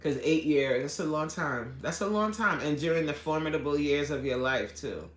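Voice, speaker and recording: A man's voice: a little high, expressive, normal speed, reverberant. A man hosting a live stream as a fitness coach, chatting casually and earnestly, reading viewer comments aloud and often apologizing. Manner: earnest and heartfelt, apologizes often, frequent restarts. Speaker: fitness coach and livestream host.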